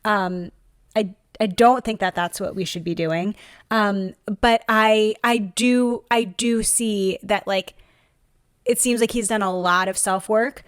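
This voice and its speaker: A woman therapist co-hosting a casual podcast chat, thoughtful and analytical in a measured way. Her voice sits at an ordinary pitch and sounds dry and close, with no room echo. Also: steady tone, smooth.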